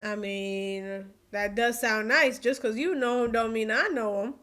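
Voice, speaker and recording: A woman with a fairly high voice gives casual reaction commentary on a movie. She talks in an excitable way and often exclaims in alarm or disbelief. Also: measured pace, faint music behind.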